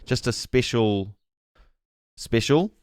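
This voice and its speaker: Man, casual bible talk on stream, reads chat aloud, thinks out loud, smooth resonant voice, dry close sound. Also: medium pitch, animated, slow pace, no echo. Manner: thinks aloud, corrects himself mid-sentence; reads chat messages aloud with puzzled asides.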